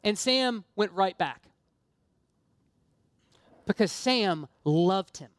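A woman's voice: medium pitch, animated, drawn-out words, no room sound. A woman preaching a sermon, earnest and impassioned, mixing casual self-deprecating asides with emphatic appeals.

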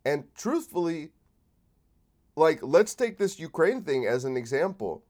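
A man's voice: on the high side, very animated, unhurried, a little mellow. A man hosting a solo comedy podcast while sick, rambling and swearing in a sardonic rant. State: sick with a cold. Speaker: podcast host.

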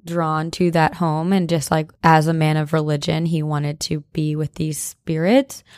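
A young woman co-host chats casually and reacts to the story, thinking aloud as she goes. Her voice sits somewhat low. The sound is dry and close. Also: little pitch movement, measured pace, darkish tone, dry recording. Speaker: podcast co-host. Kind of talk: casual chat.

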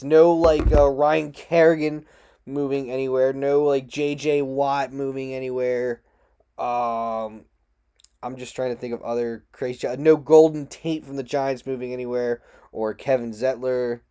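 Frustrated, swearing man ranting about sports, mellow voice. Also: level tone, measured pace, clear, resonant tone. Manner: frustrated, swearing, loose and rambling, with big pitch jumps. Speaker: podcast host. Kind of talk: solo sports talk rant.

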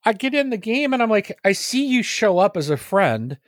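A man's voice: high voice, very animated, normal speed, dry recording, clean studio sound. A man co-hosting a casual gaming podcast, chatty and teasing, laughing often as he talks. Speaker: podcast co-host.

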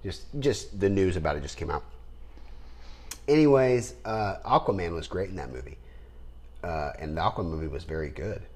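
A man co-hosting a podcast, chatting casually and rambling with animated bursts of laughter. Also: deep voice, moderate pace, pauses often, slightly rough. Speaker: podcast co-host. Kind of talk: casual chat.

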